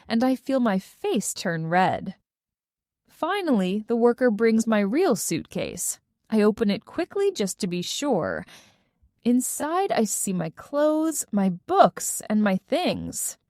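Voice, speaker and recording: Slow, expressive woman story narrator. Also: medium pitch, no room sound, clean studio sound. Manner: clear, carefully paced, expressive. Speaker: narrator for English learners.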